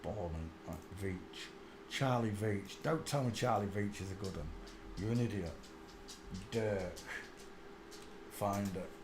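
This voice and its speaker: A man's voice: fairly low pitch, slow pace, long pauses, noisy background. Rambling crude man, echoey room. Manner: rambling, crude and self-mocking. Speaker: host. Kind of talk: casual live-stream commentary.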